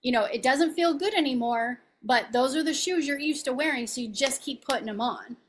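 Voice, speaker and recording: A woman's voice: sits high, fairly quick. A woman life coach speaking as a podcast guest in a chatty, casual way, often asking "right?".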